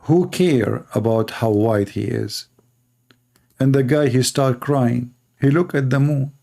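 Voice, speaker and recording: A man's voice: medium pitch, slow, creaky, dark tone. A middle-aged man hosting a live debate stream, talking in a sarcastic, taunting way. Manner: sarcastic, taunting, breaks into parody singing. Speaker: live stream host debating Muslim callers. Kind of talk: casual mocking debate talk.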